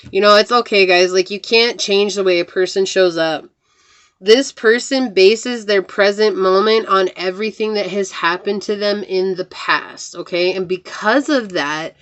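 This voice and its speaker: A woman giving a casual tarot reading to her viewers, chatty and talking straight to them as guys and y'all. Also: medium pitch. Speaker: tarot reader.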